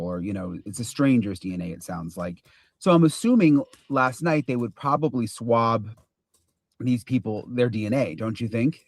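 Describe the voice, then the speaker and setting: A man's voice: on the low side, darkish tone, dry recording. A man hosts a casual talk stream, posing long, curious questions that wander before landing. His voice sits close and dry, with no room around it. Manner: inquisitive, rambling questions. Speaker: host.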